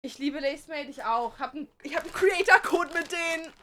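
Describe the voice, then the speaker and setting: A young woman streamer chatting casually and excitably to her viewers, slangy and quick to laugh. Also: sits high, a little hiss or hum.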